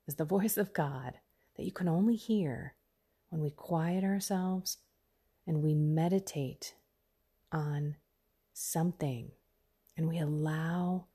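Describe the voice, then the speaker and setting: A middle-aged woman hosting a faith podcast, giving an earnest pep talk that often drops into soft whispers. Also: sits low, breathy edge. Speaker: podcast host.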